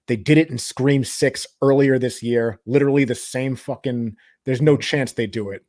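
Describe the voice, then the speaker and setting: A man co-hosting a horror movie review podcast, telling his opinions in relaxed, conversational chat. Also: medium pitch, moderate pace, hardly any pauses, dry recording, clean studio sound. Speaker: podcast co-host.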